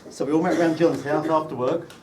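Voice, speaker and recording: A man with a slightly high, steady voice talks fast over crowd noise in a wedding reception room indoors. He gives a humorous speech teasing the groom with dry anecdotes and good comic timing. It's recorded on a distant mic amid loud room noise.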